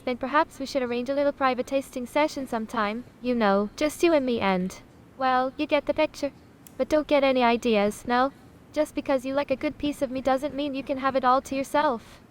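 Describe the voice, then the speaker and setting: Sitting high at a moderate pace, lightly acted and with slight background noise, this text-to-speech woman's voice takes on the role of a sassy chatbot that calls itself a sausage. She's haughty, dramatic and condescending toward people, calling them honey a lot.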